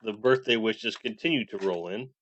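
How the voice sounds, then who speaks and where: Bright-voiced man in his forties streaming. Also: on the low side, moderate pace, highs cut off. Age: 40s. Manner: reads chat aloud and rambles. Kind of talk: casual live stream chat.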